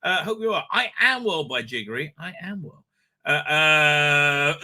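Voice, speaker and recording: A man's voice: a little high, lively intonation, unhurried, sharp tone. A man hosting a casual live stream, rambling and swearing freely, with stammered fillers as he reacts to chat.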